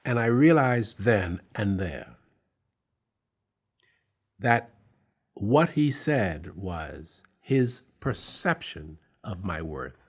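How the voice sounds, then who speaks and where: A man telling a personal anecdote in an interview, slow and deliberate, pausing with fillers. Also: on the low side, expressive, breathy edge. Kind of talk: storytelling anecdote.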